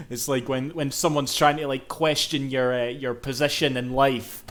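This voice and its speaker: A man's voice: medium pitch, flat delivery, measured pace, fairly bright tone. Rambling man streaming games. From Scotland. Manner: rambling, swears freely, laughs often. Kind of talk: casual live-stream chat.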